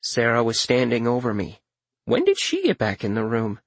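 A man reading a first-person audiobook in a measured, wry manner. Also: mid-range voice, huge pitch swings, slightly rough, no echo. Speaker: narrator.

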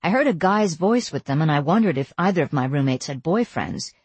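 A woman narrating a first-person audiobook in an even storytelling voice with wry asides. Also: low voice, a little fast, husky, dry recording.

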